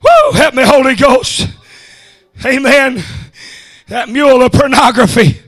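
Brief: man, revival preacher, high bright tense voice, chanted "huh?" after each phrase. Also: a little slow. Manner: shouting, punctuating phrases with "huh?" and "amen". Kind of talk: revival sermon. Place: church service.

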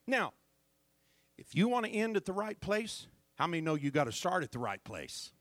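A middle-aged male pastor preaching a sermon who keeps checking on the congregation with "hello?" and swings between loud emphasis and hushed asides. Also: high-pitched, wildly swooping pitch, normal speed, no room sound.

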